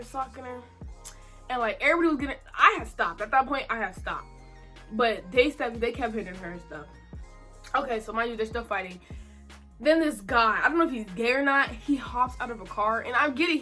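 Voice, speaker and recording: Brief: young woman vlogger, a touch high, crisp bright tone, animated slangy storytelling. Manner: animated, slangy, repeats herself for emphasis. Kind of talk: casual storytime.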